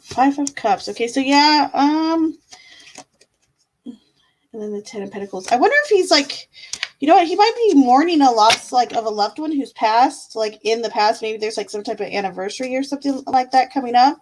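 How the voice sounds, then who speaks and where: A woman's voice: high-pitched, expressive, moderate pace, slight background noise, poor audio. Chatty, affectionate woman tarot streamer. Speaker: tarot reader and live-stream host. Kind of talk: casual live-stream chat with tarot reading.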